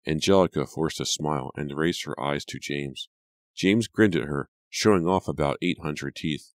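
A man reading a novel aloud as audiobook narrator, measured and deliberate. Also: a bass voice, no echo, studio quality. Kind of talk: scripted narration.

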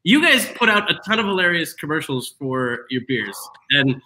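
A man's voice: a little high, very animated, normal speed, pushed and bright, a little hiss or hum, poor audio. A man hosting a casual live chat show, playful and teasing. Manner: laughs often, playful teasing. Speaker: show host.

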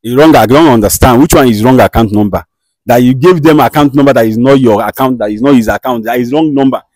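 A man with a Nigerian accent acting as a show host who calmly mediates a dispute and questions firmly. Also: mid-range voice, fast, no room sound, lightly acted. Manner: soothing, repeats "calm down", firm questioning. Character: male show host, calm and commanding mediator. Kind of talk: comedy skit acting.

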